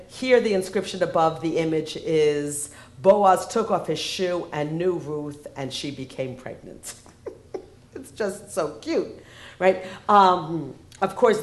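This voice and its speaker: A woman giving a humorous lecture, wry in tone and often asking the audience rhetorical questions. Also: lowish voice. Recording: roomy echo.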